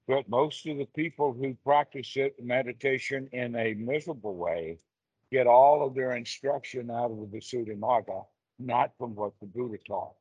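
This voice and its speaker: A man who teaches meditation, talking slowly and deliberately on a video call, explaining ideas through everyday examples while heavy rain falls outside. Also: mid-range voice, a little mellow, husky, dry recording. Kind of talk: casual dharma talk on a video call. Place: seated on the floor indoors, with rain outside. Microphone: video call mic. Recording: dull, lo-fi video call audio.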